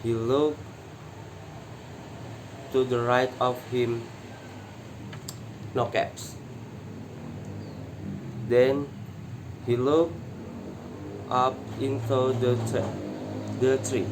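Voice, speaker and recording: Very slow male student reader. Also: medium pitch. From Indonesia. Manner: halting, careful reading with self-corrections. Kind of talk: reading a children's story aloud. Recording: steady air-conditioner hum.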